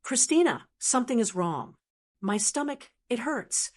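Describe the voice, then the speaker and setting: A woman's voice: on the high side, sing-song, unhurried. A woman voicing a frightened, timid pregnant young woman who stammers and pleads, in a storybook reading. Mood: frightened pleading.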